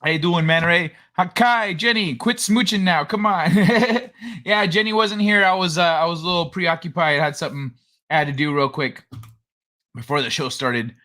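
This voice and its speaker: A man's voice: fairly high pitch, normal speed, pushed and bright. A man hosting a casual livestream, rambling and joking as he greets viewers by name. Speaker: livestream host.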